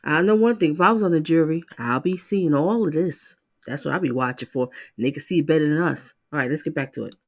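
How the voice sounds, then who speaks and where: A woman's voice: deep voice, fast. A woman commentating on trial footage in a blunt, heated way, mocking what she hears. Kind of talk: casual reaction commentary.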